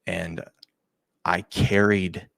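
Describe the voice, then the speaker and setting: A man hosting a talk show, telling a personal story in a halting, emotional way, often dropping to a quiet near-whisper and repeating his words. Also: sits low, level tone, vocal fry, dry recording. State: choked up. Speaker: show host.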